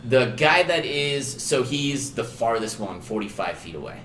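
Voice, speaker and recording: A man's voice: medium pitch, animated, a little slow, a bit bright, a little hiss or hum. A man narrating as game master in a loose, filler-heavy, chuckling way. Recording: echoey room.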